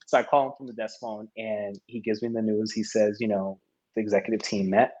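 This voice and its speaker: Low-voiced man telling stories in an interview. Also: moderate pace. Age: 30s. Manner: animated storyteller who laughs often and acts out quoted lines. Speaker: podcast guest, martial arts competitor. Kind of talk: casual interview storytelling. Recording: dull lo-fi audio.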